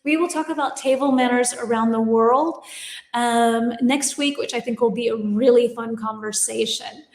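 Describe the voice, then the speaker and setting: A woman's voice: on the high side, normal speed, roomy sound, in a large hall. A woman teaching a live-streamed English lesson, chatty and upbeat, reading out viewers' comments and laughing at her own slips. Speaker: English teacher and livestream host. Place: home studio, lives in Germany.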